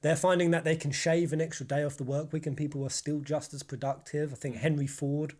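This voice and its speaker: A young man hosts a casual live stream, voice sitting a touch high for a man. He rants with energy and swears freely as he talks. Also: fairly quick. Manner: animated, swearing freely, ranting. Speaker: stream host.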